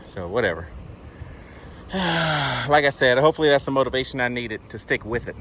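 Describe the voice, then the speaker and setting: A man's voice: medium pitch, animated, normal speed, fairly bright tone, a little hiss or hum. A man, a truck driver vlogging casually about his day, plainspoken and rambling with sighs and fillers, talking into a handheld phone outdoors. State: out of breath. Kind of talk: casual vlog chat. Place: at a truck and around a loading yard outdoors.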